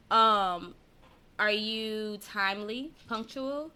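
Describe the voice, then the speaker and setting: A woman with a bright, ringing voice hosts a loose live-stream chat for her podcast. She talks straight to her viewers, reads their comments aloud and laughs often. Her delivery is animated. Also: medium pitch, moderate pace. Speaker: podcast host; teacher. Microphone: personal mic.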